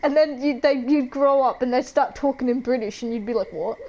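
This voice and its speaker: A woman's voice: high-pitched, fairly even intonation, brisk, warm tone, low-quality recording. A young Australian woman casually chatting while she plays a game, giggly and often trailing off into laughter. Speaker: gaming streamer.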